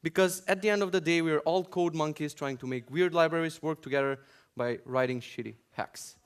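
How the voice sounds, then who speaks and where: Sarcastic conference speaker from Macedonia, male, slightly high pitch, jokey rant. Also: a little fast, smooth. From North Macedonia. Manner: sarcastic, joking, ranting. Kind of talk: conference talk. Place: conference hall.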